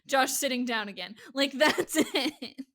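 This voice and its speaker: A woman's voice: sits high, measured pace, a bit bright. A woman with a Midwestern American accent, co-hosting a podcast in casual chat, playful and giggly, laughing often. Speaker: podcast co-host.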